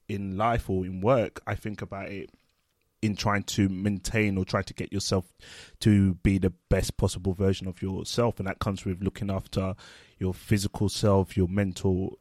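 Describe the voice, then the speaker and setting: A man's voice: deep voice, darkish tone, no echo, clean studio sound. A man co-hosting a casual podcast among friends, who rambles through playful analogies and laughs often. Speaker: podcast co-host, social worker. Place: home front room.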